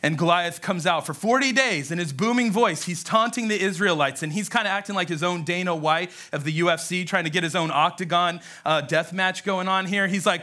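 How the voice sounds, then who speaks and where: A man pastor preaching a lively sermon, telling stories and acting out the voices in them. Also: sits high, fairly quick, hardly any pauses.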